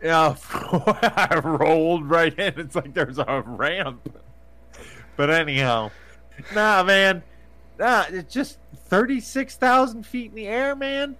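A man with a somewhat high voice, co-hosting a casual podcast. He talks at an unhurried, drawn-out pace, laughing often and swearing freely through animated rants. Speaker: podcast co-host. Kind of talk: casual banter. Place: podcast recording.

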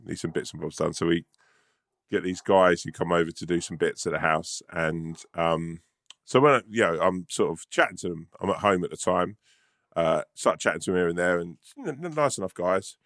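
A low-pitched man from London tells a long anecdote in loose, casual chat. He swears freely and stumbles through restarts as he goes, and the sound is close and dry with no room around it. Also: fairly quick, fairly bright tone, no echo. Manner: rambling storyteller, swears freely, many restarts. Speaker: podcast co-host.

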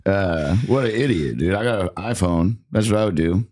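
A man co-hosting a podcast in casual chat, laid-back and jokey, swearing freely and slipping into quick impressions. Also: sits low, lively intonation, a little mellow. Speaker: podcast co-host.

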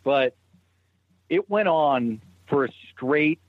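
A man's voice: on the high side, expressive, slow pace, phone-quality sound, very noisy. A man from Boston, a guest on a podcast, telling stories animatedly and swearing freely in casual chat. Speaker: guest, show creator.

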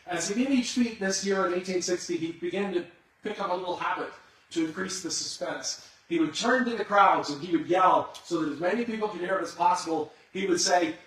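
Preacher guy spinning a dramatic story, slightly high voice, lots of room echo. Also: fairly quick, a bit bright. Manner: dramatic storyteller, builds suspense. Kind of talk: storytelling sermon. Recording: echoey hall, far from the mic.

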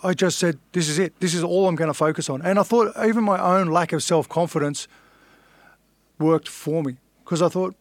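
A man's voice: on the high side, normal speed, dry recording. Blunt Australian man telling stories. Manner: blunt, swears freely, acts out quoted dialogue. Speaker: podcast guest, fighter. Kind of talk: casual storytelling.

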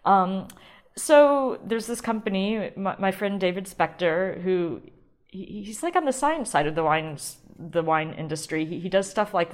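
A woman hosting a casual solo podcast, chatty and rambling, often restarting and laughing. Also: on the low side. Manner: chatty, rambling, self-interrupting with frequent ums and laughs. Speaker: podcast host.

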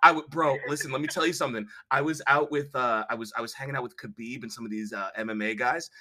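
A man's voice: mid-range voice, steady tone, quick pace, pushed and bright. A man voicing a boastful bro podcaster who talks in a crude, repetitive drawl. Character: swaggering bro podcaster, male adult, boastful.

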